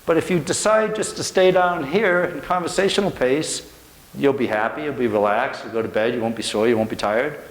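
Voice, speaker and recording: A man's voice: mid-range voice, brisk. A middle-aged American man giving a motivational speech to a room, telling stories earnestly with emphatic repetition. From United States. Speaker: motivational speaker. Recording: echoey room.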